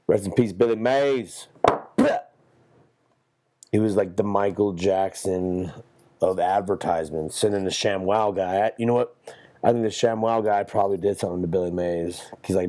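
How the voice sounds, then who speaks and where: A young podcast host speaks alone at a moderate pace in a warm, low-pitched voice. His monologue meanders and rambles, laced with profanity and joking stories.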